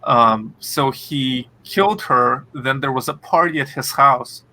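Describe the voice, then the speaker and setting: A man's voice: medium pitch, a little slow, pushed and bright. A man co-hosting a podcast, chatting casually with many fillers and restarts. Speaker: podcast co-host. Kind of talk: casual chat.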